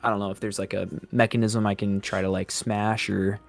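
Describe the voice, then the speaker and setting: A man's voice: fairly low pitch, flat delivery, brisk, creaky, faint music behind. Casual man playing a tabletop game. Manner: casual, hesitant, checks rules aloud. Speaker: player.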